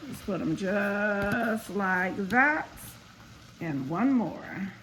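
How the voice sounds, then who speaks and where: A woman's voice: mid-range voice, expressive, drawn-out words, fairly bright tone, a little hiss or hum, low-quality recording. A woman hosting a casual home cooking video, chatting straight to her viewers as she cooks. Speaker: cooking vlogger. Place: home kitchen.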